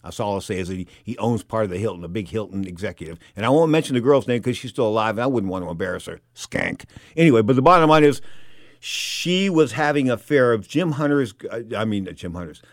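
A middle-aged man telling a casual anecdote, animated and rambling, full of repeats and fillers. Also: fairly low pitch, quick pace, no echo, clean studio sound. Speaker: storyteller.

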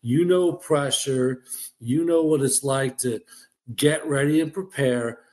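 A man's voice: mid-range voice, slow, a little mellow. A man hosting a sports radio show, asking his guest questions in a rambling, repetitive way. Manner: rambling, repeats words when starting a thought. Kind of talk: casual radio chat.

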